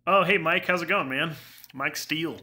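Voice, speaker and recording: A man's voice: on the high side, pushed and bright. A young man giving casual live gameplay commentary, rambling through filler words and laughing often. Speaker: game streamer.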